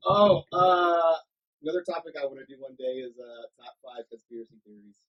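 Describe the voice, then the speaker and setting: A man's voice: medium pitch, fast, lo-fi sound. A man co-hosting a podcast, a stand-up comic chatting casually in a laid-back way, full of fillers. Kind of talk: casual chat.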